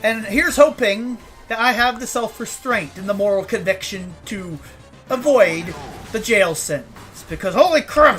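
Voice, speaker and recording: A woman streaming a video game, chatting casually with quick jokes, frequent laughter and swearing, sometimes working herself into a mock rant. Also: medium pitch, lively intonation, a bit bright, faint music behind. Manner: joking, profane, ranting, laughs often. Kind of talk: casual live gameplay commentary.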